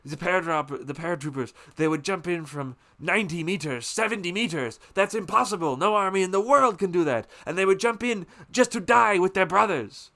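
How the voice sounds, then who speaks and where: A man voicing a furious, proud plantation patriarch in the middle of a shouting, defiant rant. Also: sits high, fairly quick, few pauses, pitched above the performer's own voice. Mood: indignant shouting.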